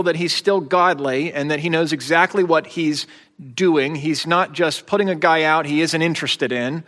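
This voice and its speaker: A man's voice: fairly high pitch, fairly bright tone, long reverb tail. A man preaching a sermon as pastor, in a conversational way with wry, joking asides.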